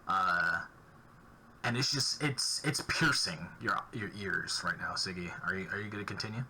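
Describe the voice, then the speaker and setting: A man narrating a tabletop role-playing game as game master, halting with many fillers and restarts. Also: sits low, bright, forceful tone, poor audio. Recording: faint background noise.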